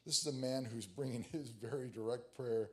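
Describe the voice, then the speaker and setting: A man giving a sermon on prayer in a conversational, halting way, with many fillers and restarts, who reads scripture aloud with rising emphasis. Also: mid-range voice, darkish tone. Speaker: prayer teacher. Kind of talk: sermon teaching.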